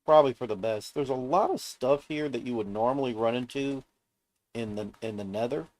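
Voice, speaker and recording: A man's voice: mid-range voice, fairly quick, a little mellow. A man streaming a game alone, narrating casually in a subdued, downbeat mutter to himself. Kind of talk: casual gameplay commentary.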